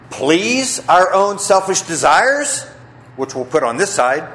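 A man's voice: on the high side, very animated, moderate pace, fairly bright tone. A man preaching a sermon as pastor, telling a story and asking the congregation rhetorical questions.

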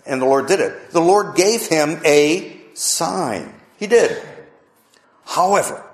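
Emphatic preacher in an echoey church. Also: male voice, on the high side, animated, a little slow. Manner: emphatic, rhetorical questions, repeats for stress. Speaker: pastor. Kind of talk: sermon. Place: church sanctuary with congregation.

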